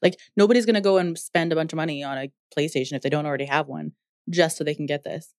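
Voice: medium pitch, quick pace, dry recording, clean studio sound. A person co-hosting a casual gaming podcast, chatty and self-deprecating. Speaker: podcast co-host.

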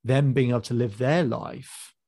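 A man coaching a client in a calm, probing session over a call, with frequent restarts. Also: medium pitch, moderate pace, no echo. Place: video call.

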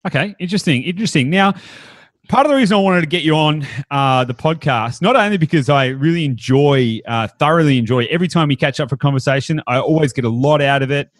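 A man's voice: a little high, expressive, fast talker, dry recording. Upbeat man hosting a podcast. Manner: upbeat, chatty, with many fillers and restarts. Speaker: podcast host. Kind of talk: casual podcast chat.

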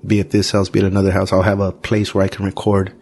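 A man's voice: low-pitched, monotone, quick pace, darkish tone, husky. A man hosting a podcast in casual chat, telling loose, profane stories and acting out the quotes. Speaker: podcast host.

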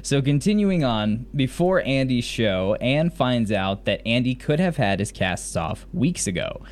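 A man from Mississippi, whose Southern accent has mostly faded into general American, speaks unhurriedly in a mid-range voice with big pitch swings. As a podcast co-host, he casually recaps a TV episode in a rambling, enthusiastic way.

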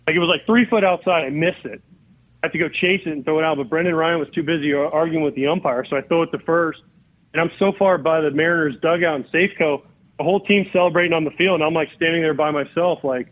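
Guy in his 40s on a phone-quality line, a bit high voice, telling old stories and doing both sides of the talk. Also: quick pace. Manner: animated, acts out both sides of remembered dialogue. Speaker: guest, former baseball catcher. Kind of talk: storytelling in a podcast interview. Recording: phone-like narrow-band line.

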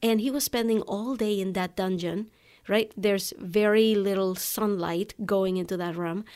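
This host of a podcast for online coaches talks a little slowly, her mid-range voice slightly mellow and her intonation fairly even. She tells listeners a personal story in a casual way, peppered with "right?" and "you know."

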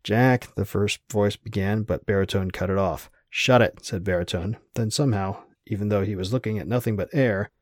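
A man narrating an audiobook in a steady, wry storytelling manner. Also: lowish voice, a little fast, hardly any pauses, dry recording, studio quality.

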